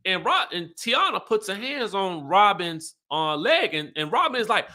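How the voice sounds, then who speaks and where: A man hosting an online show, recapping in animated, chatty talk with emphatic asides. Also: high-pitched, moderate pace, few pauses. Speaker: YouTube host recapping reality TV. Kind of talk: casual chat.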